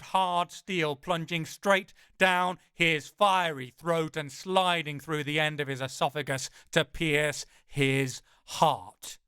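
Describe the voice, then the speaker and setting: A man narrating a first-person audiobook in a dramatic, wry way, slowing for emphasis. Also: on the high side, fairly bright tone, clear, resonant tone, no echo, clean studio sound.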